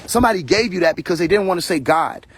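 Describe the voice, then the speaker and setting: Guy going off on a live stream, kinda high raspy voice, preachy, cussing, repeats himself, dry sound. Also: expressive, fast talker. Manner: confrontational, preachy, profane, repeats phrases. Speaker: livestream host. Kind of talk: heated casual rant on a live stream.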